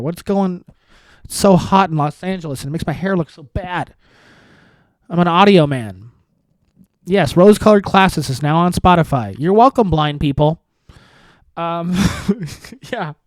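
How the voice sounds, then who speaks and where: High-voiced self-mocking man hosting a podcast. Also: clean tone, no room sound. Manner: self-deprecating, rambling with frequent restarts and laughs. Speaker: podcast host. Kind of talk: solo comedic podcast monologue.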